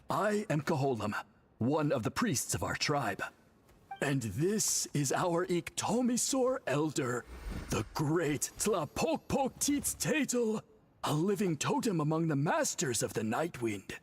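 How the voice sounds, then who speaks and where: A man voicing a polite, formal tribal priest in a video game, courteous and measured. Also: fairly high pitch, sing-song, breathy edge, full character voice. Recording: game audio with faint music.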